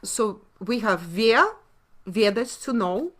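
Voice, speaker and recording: A woman's voice: mid-range voice, animated, takes it slowly, a bit bright. A woman with a Russian accent, a native Russian speaker, giving a webinar lecture on word origins. She talks emphatically and keeps posing rhetorical questions, then answering them herself. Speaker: webinar presenter.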